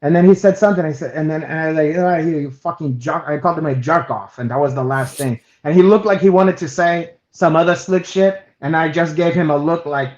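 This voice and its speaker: A man co-hosting a chat over a video call, telling an animated story with heavy swearing, restarts and loud acted-out quotes. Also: on the high side, brisk, hardly any pauses. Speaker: co-host. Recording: roomy, dull lo-fi stream audio.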